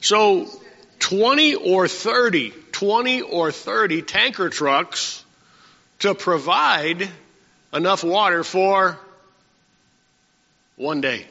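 Male preacher, bright voice a bit high, chatty Bible-study delivery, echoing church hall. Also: animated, slow, creaky, long pauses. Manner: conversational, asks the congregation questions. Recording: muffled sound with long hall reverb.

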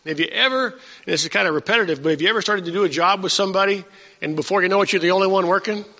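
A man preaching a sermon as the pastor of his church, animated and emphatic, often restarting his phrases. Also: high voice, racing. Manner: animated, rising to emphatic peaks, with frequent restarts. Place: church sanctuary. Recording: dull sound with hall reverb.

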